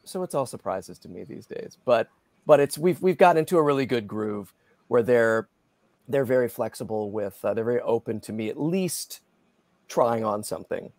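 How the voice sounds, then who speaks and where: A middle-aged man, a guest voice actor, chatting in an interview in a lively, self-deprecating way with many restarts. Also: medium pitch, normal speed, no echo. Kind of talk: casual interview chat.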